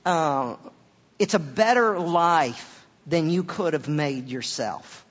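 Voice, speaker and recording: A man's voice: expressive, takes it slowly. Man preaching in a reverberant hall. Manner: swings from booming emphasis to quiet asides, repeats words. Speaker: pastor. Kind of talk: sermon. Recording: dull sound with long hall reverb.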